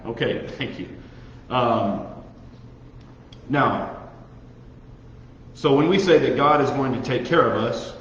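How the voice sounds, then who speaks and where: A man's voice: medium pitch, slight background noise. A young man, leading a casual Bible teaching, questioning his listeners and joking about himself. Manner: conversational, asks the audience questions, self-deprecating humor. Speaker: youth pastor. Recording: echoey hall, muffled sound.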